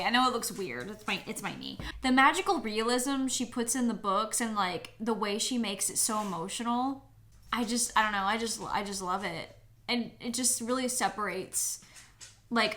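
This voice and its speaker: A woman's voice: medium pitch, pushed and bright. A young woman chatting casually and emotionally in her reading vlog, with lots of fillers. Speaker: book vlogger.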